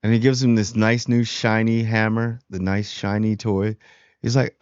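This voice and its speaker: A TV review host with a low-ish voice runs a casual spoiler review at normal speed, slangy and animated as he acts out the characters' quotes. His tone is clean with no echo, though the recording itself sounds dull, lo-fi and dry.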